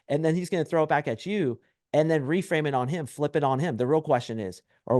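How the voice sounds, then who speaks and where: A brash man talks as a podcast guest, coaching men on dating. He is animated and acts out short exchanges to make his points. His voice is mid-pitched, and the sound is dry and close. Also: a little fast, dry recording. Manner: brash, animated storytelling with acted quotes. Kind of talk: podcast interview.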